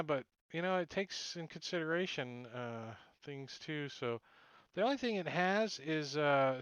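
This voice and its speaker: A man's voice: a little high, a bit bright, clear, resonant tone, no room sound. A man running a tabletop game as dungeon master, narrating loosely, swearing, laughing and adding sound effects.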